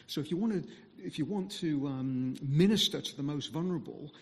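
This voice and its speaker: A man speaking as a visiting mission speaker, giving a conversational sermon full of pauses and fillers. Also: fairly high pitch, big-room sound. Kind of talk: sermon talk.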